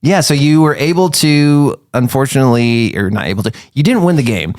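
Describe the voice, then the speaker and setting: A man's voice: mid-range voice, animated, fairly quick, a little mellow. A man narrating as game master in a chatty way, full of fillers. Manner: chatty, lots of "like" and "um".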